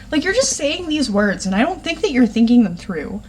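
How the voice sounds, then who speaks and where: A fairly high-pitched woman ranting about a book she hates. She talks in a sarcastic, exasperated way and swears freely. Her delivery is casual and conversational. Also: big pitch swings, a little fast, hardly any pauses, slight background noise. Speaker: book reviewer.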